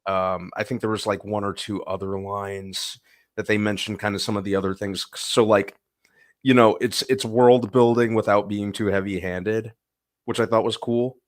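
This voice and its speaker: A man's voice: lowish voice, fairly even intonation, normal speed, dry recording, studio quality. A man co-hosting a casual review chat, hesitant with many ums as he gathers his thoughts. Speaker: podcast co-host.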